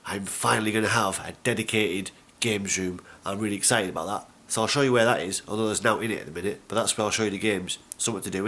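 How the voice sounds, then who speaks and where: A man's voice: lowish voice, fairly bright tone. A young man with a stuffy, slightly nasal voice from a cold, chatting casually and rambling to the camera at home. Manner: rambling, chatty, many fillers. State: congested, stuffy nose. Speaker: gaming vlogger.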